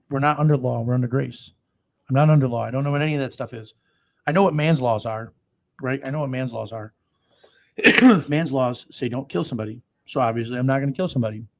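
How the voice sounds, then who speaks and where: A male preacher with a gravelly, fry-laden voice, reading Bible verses in a slow, deliberate cadence. He swings into profane, emphatic commentary and erupts loudly at times. His pitch sits in an ordinary middle range. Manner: profane, swings between slow solemn reading and loud outbursts. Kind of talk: scripture reading with crude live commentary.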